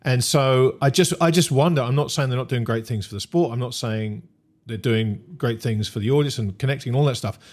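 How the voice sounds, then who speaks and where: A man's voice: mid-range voice, brisk. A man, co-hosting a sports discussion, thinking aloud with frequent restarts and hedges. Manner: musing, hesitant, many restarts. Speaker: podcast co-host. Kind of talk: casual discussion.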